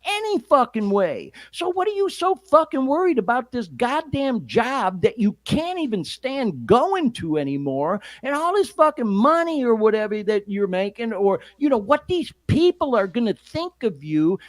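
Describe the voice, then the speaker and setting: A man hosts his podcast in a loose, profane monologue with a Midwestern American accent. His pitch swings widely as he talks, and the sound is dry and close with no room around it. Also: very animated, normal speed, hardly any pauses, no echo. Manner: profane, conversational, addresses listeners as y'all. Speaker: podcast host.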